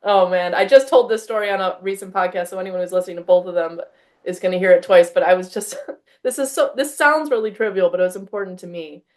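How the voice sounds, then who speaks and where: Animated woman host telling a story. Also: on the low side, fast. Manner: animated storyteller, acts out quoted exchanges, frequent "like". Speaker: podcast host. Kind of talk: casual conversation.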